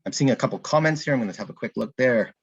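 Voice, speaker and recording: Husky-voiced man presenting casually. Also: medium pitch, lively intonation, rapid-fire, dry recording, muffled recording. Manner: casual, thinks aloud with frequent ums and restarts. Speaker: presenter demonstrating a learning app. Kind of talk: live online conference presentation.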